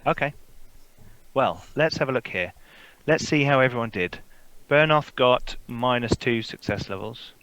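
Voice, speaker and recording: A man's voice: medium pitch, expressive, measured pace, fairly bright tone, clear, resonant tone, dry recording, rough recording. A man narrating as game master, loose and chatty, with many fillers and laughs. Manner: loose, chuckling, full of fillers.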